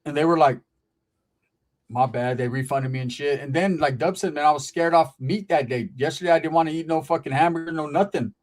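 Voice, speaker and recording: Profane, animated man telling street stories. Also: a little high, fast talker, few pauses. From Northern California. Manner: loose, profane street slang, animated storytelling. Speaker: podcast host. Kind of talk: casual storytelling chat. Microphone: streaming setup.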